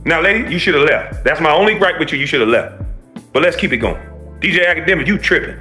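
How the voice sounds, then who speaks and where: A man delivers a profane, preachy rant as a reaction commentator. His voice is bright and forceful and lifts a little high, with lively swings. Faint music plays behind him. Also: quick pace.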